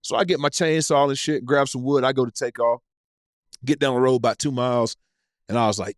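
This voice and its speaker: A man, telling an animated, profane story as a podcast guest. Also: mid-range voice, fairly quick, no room sound, studio quality. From East Tennessee. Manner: animated, profane, acts out scenes in his stories. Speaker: podcast guest, former football player. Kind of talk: casual storytelling chat.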